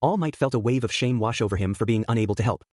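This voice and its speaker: A man's voice: medium pitch, quick pace, a little mellow, dry recording, studio quality. A man reading a fan fiction story aloud, narrating and voicing the characters. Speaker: fanfic narrator. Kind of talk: scripted narration with character voices.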